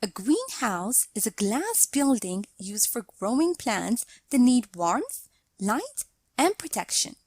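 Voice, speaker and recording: A woman narrating a scripted grammar lesson, explaining slowly and deliberately and reading out example sentences. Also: fairly high pitch, big pitch swings, husky, no echo. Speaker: English teacher.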